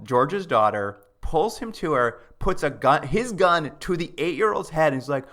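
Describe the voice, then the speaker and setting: A man's voice: fairly high pitch, expressive, moderate pace, hardly any pauses, fairly bright tone. A man co-hosting a podcast, recapping a TV episode in casual chat with a dry, wry tone. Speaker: podcast co-host. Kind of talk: casual chat about a TV show.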